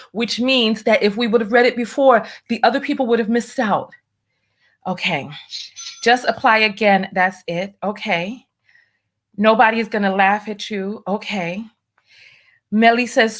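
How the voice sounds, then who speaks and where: A woman hosting a casual livestream, nervous and stalling, repeating herself as she reads viewer comments aloud. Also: fairly high pitch. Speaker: livestream host.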